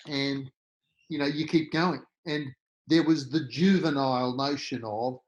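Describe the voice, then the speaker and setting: This is a middle-aged man with an Australian accent, telling stories as a guest on a podcast. His voice sits a little higher than most men's. He talks like a born raconteur, throwing himself into every voice he quotes. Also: measured pace, lo-fi sound. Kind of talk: storytelling interview.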